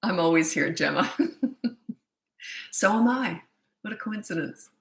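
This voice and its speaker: A woman's voice: lowish voice, animated, measured pace, creaky, roomy sound. An older woman from Canada, a parenting coach chatting casually on a livestream, self-mocking and laughing often. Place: at home in British Columbia.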